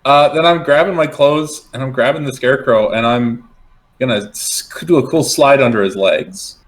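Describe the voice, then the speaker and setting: A man's voice: medium pitch, normal speed. A man playing a tabletop game, rambling and playful as he describes his moves. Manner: rambling, playful, restarts mid-thought. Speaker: player. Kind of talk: casual tabletop play.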